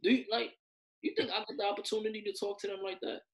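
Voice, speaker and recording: High-voiced frustrated man, emphatic. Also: level tone, fast talker, poor audio. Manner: frustrated, emphatic, repeats himself. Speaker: podcast co-host. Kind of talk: heated podcast conversation.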